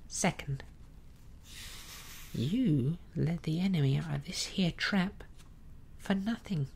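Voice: mid-range voice, creaky, darkish tone, breathy edge, pitched above the performer's own voice, exaggerated voice. A reader whispering a mutinous pirate, accusing and blunt. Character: resentful male pirate, mutinous crewman. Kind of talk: whispered role-play.

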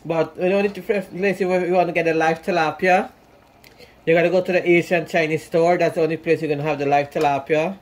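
High-voiced man cooking. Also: brisk. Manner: chatty, relaxed, talks straight to viewers. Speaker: cooking vlogger. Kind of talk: casual cooking demonstration. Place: home kitchen. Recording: roomy kitchen, distant mic, sizzling.

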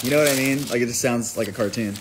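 A man's voice: mid-range voice, quick pace, very noisy. A man chatting casually on a phone live stream, rambling with lots of "like" and reading out viewers' names and hometowns. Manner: rambling, filler-heavy, reads out viewer names. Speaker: musician streaming a merch live.

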